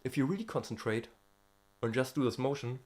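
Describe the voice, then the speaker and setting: A man from Europe who vlogs about being a vocal student talks casually and haltingly about technique, using many fillers and pausing to demonstrate quick sounds in this singing-lesson vlog. His mid-range voice is a little mellow, fairly quick and lively in intonation.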